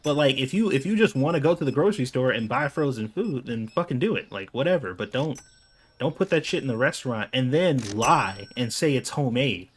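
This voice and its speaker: A man's voice: medium pitch, expressive, a little fast, breathy edge. Man, gameplay commentator, loose rambling delivery, lots of "like", casual cursing. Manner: rambling, heavy use of "like", casual swearing. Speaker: gaming YouTuber.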